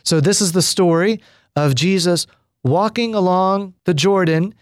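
A man, a priest, giving a spoken retreat teaching on prayer in an unhurried, reflective way with pauses and fillers. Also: high voice, no room sound, studio quality.

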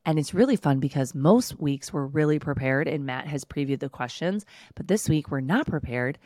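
A woman's voice: low-pitched, animated, normal speed, darkish tone, no echo, studio quality. A woman, co-hosting a podcast in casual chat and laughing often. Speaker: podcast co-host.

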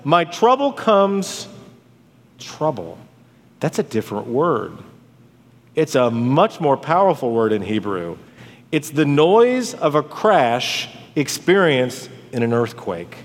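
A man preaching a sermon as a pastor, swinging from dramatic rises to hushed drops on key words. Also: medium pitch, sing-song, slow pace. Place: church sanctuary. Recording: long hall reverb.

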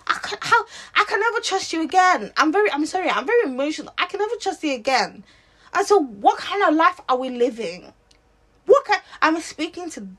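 A woman's voice: high-pitched, pushed and bright. A young woman vlogging, giving an impassioned opinion with rhetorical questions and frequent restarts. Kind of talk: opinionated to-camera rant.

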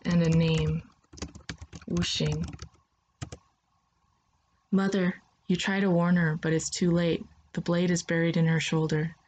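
A woman narrating a second-person story in a soft, steady voice. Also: on the low side, unhurried, long pauses, a little hiss or hum.

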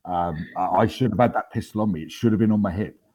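A man in his fifties speaks in a somewhat low voice. He tells his story in a casual, unpolished way, full of ums and restarts, with an understated, wry humour. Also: quick pace, dark tone, slightly rough. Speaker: interview guest, army veteran.

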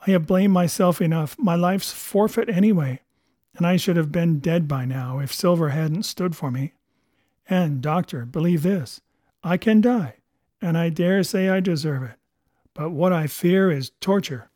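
Storybook figure: man reading as an honest, remorseful boy, firm tone, mellow voice, dry sound. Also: a little high, a little slow, dry recording, close to an everyday voice. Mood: resolute. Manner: pleading yet resolute.

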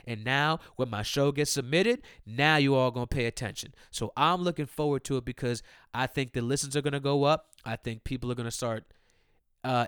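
Here a podcast host delivers a casual solo rant that's profane, fiery and repetitive, talking right to his audience. He speaks at medium pitch in a fairly bright voice, captured clean at studio quality with no echo.

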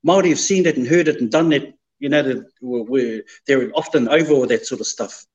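A man, a guest in an interview, speaking in a measured, thoughtful way and mixing te reo Māori words into his English. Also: medium pitch, a little mellow. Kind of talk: reflective interview talk. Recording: slightly dull, lo-fi sound.

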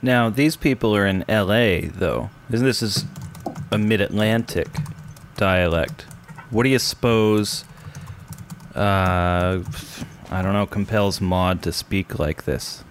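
A man's voice: lowish voice, takes it slowly, slight background noise. A man hosting a casual chat, cracking jokes and bantering with his guests. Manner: wisecracking, joking banter. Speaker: podcast host.

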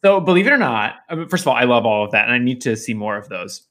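Animated gossiping male co-host. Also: mid-range voice, fast. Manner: animated, gossipy storytelling with frequent laughs. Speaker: podcast co-host. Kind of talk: casual chat. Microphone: video call.

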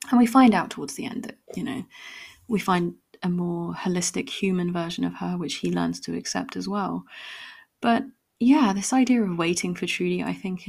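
Woman rambling solo on her podcast, kinda low voice, lots of ums, thinking out loud. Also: vocal fry, breathy edge. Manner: reflective, meandering, with many fillers and restarts. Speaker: podcast host.

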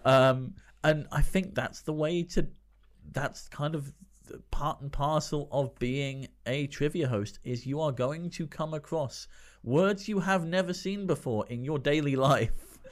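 A man who hosts trivia nights, chatting casually on a podcast and laughing between phrases. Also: fairly high pitch. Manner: newsreader background, measured delivery. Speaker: trivia host.

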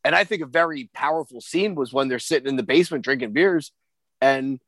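A man's voice: medium pitch, fairly quick, a bit bright, no room sound. A man co-hosting a casual film podcast, rambling with stammered repeats and casual swearing. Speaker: podcast co-host.

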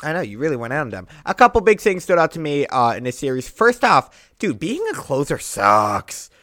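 A young man co-hosting a podcast, talking baseball in a casual, animated way, with big jumps in pitch and loudness for emphasis. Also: quick pace, no echo, studio quality. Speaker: podcast co-host. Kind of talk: casual sports chat.

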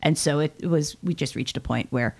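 Low-voiced woman telling a chatty story. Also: a little fast, creaky, a little mellow. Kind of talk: casual chat.

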